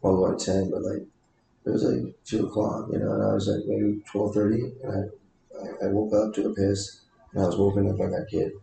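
A man's voice: lowish voice, steady tone, a little fast, gravelly, dark tone, heavy reverb, slight background noise, poor audio. A man talking in a rambling, casual way, full of fillers and restarts. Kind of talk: casual conversation.

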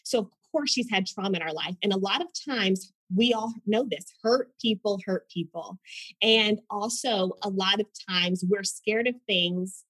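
A woman from Oklahoma, a mother of school-age sons, telling personal stories in an animated, expressive way as a guest in a conversation. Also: mid-range voice, normal speed, breathy edge, no echo, low-quality recording. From Tulsa, Oklahoma, US. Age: adult mother of school-age sons. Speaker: podcast guest.

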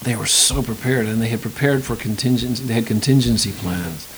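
A middle-aged man speaks in a relaxed interview, circling his thoughts with frequent restarts and self-corrections. His voice sits at an ordinary pitch, and a faint hiss runs under the recording. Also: a little fast, poor audio. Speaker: actor and acting teacher. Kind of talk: conversational interview.

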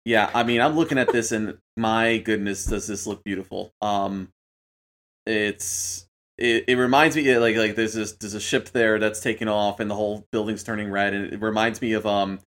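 A man's voice: fairly low pitch, steady tone, moderate pace, fairly bright tone. A man co-hosting a casual gaming chat, musing enthusiastically with lots of fillers. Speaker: podcast co-host.

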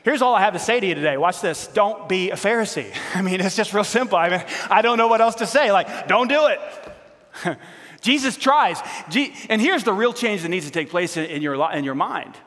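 A man preaching a sermon as pastor, animated and conversational with a teasing edge. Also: high voice, normal speed. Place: church. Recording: reverberant church hall.

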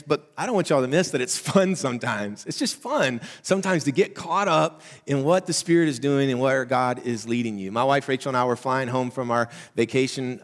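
A man with a Southern accent, a pastor giving a conversational sermon, swinging between loud emphatic lines and soft hushed asides. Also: medium pitch. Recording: reverberant hall.

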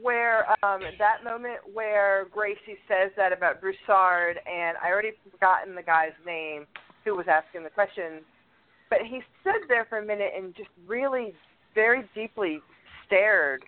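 A woman's voice: mid-range voice, moderate pace. A woman co-hosting a podcast, chatting playfully about a TV episode. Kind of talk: casual TV recap chat. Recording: phone-like narrow audio.

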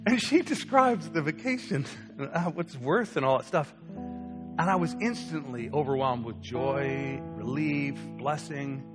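Animated young man preaching in a hall. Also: on the high side, moderate pace. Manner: animated storyteller acting out quoted voices. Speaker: pastor. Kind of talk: sermon with personal story. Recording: long hall reverb with soft guitar.

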